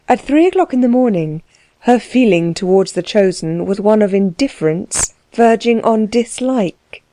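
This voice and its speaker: A woman narrating a classic novel as an audiobook, in a measured, even reading. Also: medium pitch, no echo. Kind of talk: scripted narration.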